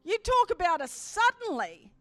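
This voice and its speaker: A woman preacher telling a story in a sermon, building to emphatic, forceful swells as she preaches. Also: extremely high pitch, very animated, normal speed, dry recording, soft background music.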